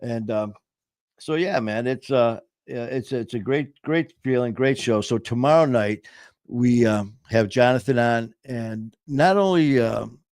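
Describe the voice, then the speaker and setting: A man's voice: mid-range voice, unhurried, darkish tone. A man co-hosting a podcast in casual chat. His voice sits mid-range, and he talks in a rambling, upbeat way that keeps restarting. The sound is dry and close, with no room echo. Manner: rambling, self-interrupting, upbeat. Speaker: podcast host.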